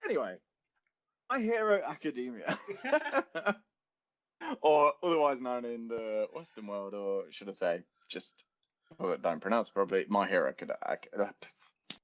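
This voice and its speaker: A man's voice: lowish voice, sing-song, normal speed. A young man co-hosting a casual podcast, chatty and rambling, often laughing. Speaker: podcast co-host. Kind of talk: casual chat. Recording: dull lo-fi home podcast recording.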